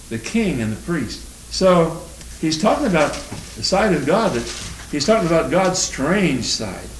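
A man teaching the Bible verse by verse, reading scripture aloud with rising emphasis and then commenting in loose, halting asides. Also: on the high side, very animated. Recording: roomy, distant mic with faint noise.

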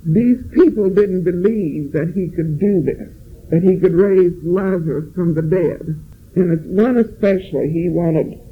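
A man with a high, husky voice leads a Bible study, reading scripture with earnest emphasis. He talks in an unhurried way, and the sound comes over a tinny, phone-like line. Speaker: Bible teacher.

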